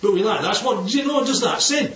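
Talking fast in a high voice with a fairly bright tone, a man informally teaches a group about the Bible, regularly asking questions to check understanding. The recording is distant, dull and roomy, with faint noise.

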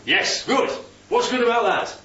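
A man's voice: very high-pitched, unhurried, sharp tone, slight background noise. A man leading a Bible study, teaching and quizzing the group with questions. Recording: roomy, distant, dull sound.

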